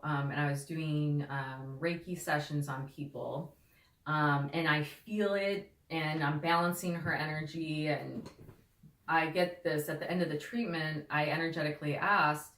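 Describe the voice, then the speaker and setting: A woman guest who talks about holistic healing in a loose, casual way, filling her speech with "like" and "you know.". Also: sits low. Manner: rambling, heavy with "like" and "you know". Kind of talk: casual conversational interview talk. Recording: echoey room.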